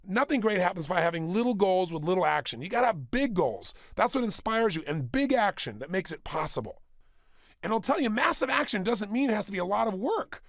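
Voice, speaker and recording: With no room sound at all, a very animated, high-voiced motivational speaker addresses a small studio audience. He hammers his points emphatically, repeats phrases, and fires off rhetorical questions in rapid bursts.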